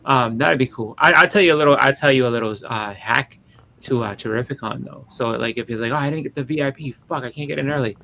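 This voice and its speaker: A man's voice: mid-range voice, quick pace, gravelly, sharp tone, slight background noise, poor audio. A man with a Boston accent, chatting casually as a podcast host and rambling, often repeating words mid-sentence. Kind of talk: casual chat.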